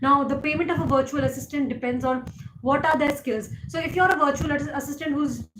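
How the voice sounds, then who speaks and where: A woman's voice: sits high, steady tone, brisk. Chatty woman, echoey room. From India. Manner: chatty, frequent fillers, laughs easily. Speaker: livestream host. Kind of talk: casual live chat answering viewer comments. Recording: echoey room with background noise.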